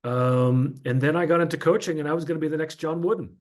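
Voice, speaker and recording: A man in his fifties from northern New Jersey, once a sportscaster, recounts his life story as an interview guest. His voice is a little high and fast, and he talks in a chatty, anecdotal way, full of fillers.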